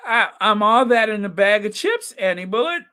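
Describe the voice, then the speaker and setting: A man's voice: high voice, expressive, moderate pace, bright, forceful tone, smooth. A man hosting a casual live-stream chat, chatty, reading out viewer names and comments and laughing often. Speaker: channel host.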